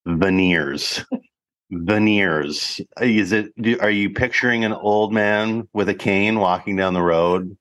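A man's voice: on the low side, takes it slowly, a bit bright. A man in his fifties co-hosting a podcast, chatting casually and joking playfully, with some swearing. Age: 50s. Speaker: podcast co-host. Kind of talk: casual chat.

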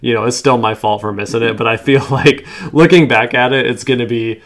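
A man's voice: medium pitch, brisk, fairly bright tone. A man hosting a casual podcast chat about a strategy game, rambling and full of fillers like "like". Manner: rambling, filler-heavy, lots of "like".

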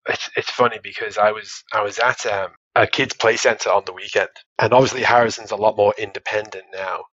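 A man, a father telling stories as a podcast guest, animated and quick to laugh. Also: on the low side, breathy edge, no room sound, muffled recording. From Australia. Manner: animated storytelling, laughs often, many restarts. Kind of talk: casual interview chat.

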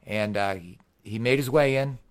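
A middle-aged man, a guest and athletic trainer, telling stories in an animated, earnest, folksy way. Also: medium pitch, moderate pace, clear, resonant tone. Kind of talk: casual storytelling.

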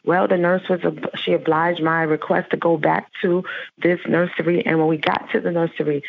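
A woman's voice: fairly low pitch, little pitch movement, moderate pace, gravelly, a little hiss or hum. A woman giving an earnest devotional sermon, telling a story and then leading a fervent prayer. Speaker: preacher. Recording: tinny phone-like line, dry.

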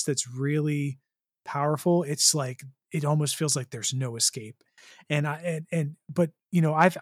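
A man's voice: fairly high pitch, no echo, studio quality. A man co-hosting a podcast, talking casually and rambling with many restarts. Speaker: podcast co-host. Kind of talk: casual chat.

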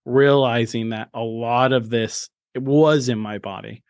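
A man's voice: medium pitch, fairly even intonation, a little slow, darkish tone, dry recording, clean studio sound. Earnest man telling a personal story. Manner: earnest and open, with frequent restarts and emphatic bursts. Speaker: podcast host. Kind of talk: candid personal storytelling in an interview.

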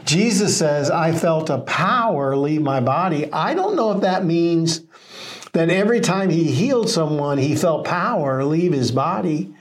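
Guy with a higher voice, laid-back bible chat, tells stories and laughs easy. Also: unhurried. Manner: relaxed storytelling with laughs. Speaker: co-host of a Bible study podcast. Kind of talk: casual Bible discussion.

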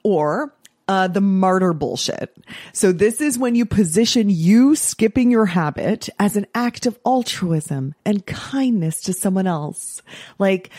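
Middle-aged woman coach doing her podcast, blunt, swears a lot, pitch all over the place, dry close mic. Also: lively intonation, unhurried, dark tone, dry recording. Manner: blunt, swears freely, acts out quoted excuses in mocking voices. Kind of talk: casual solo podcast talk.

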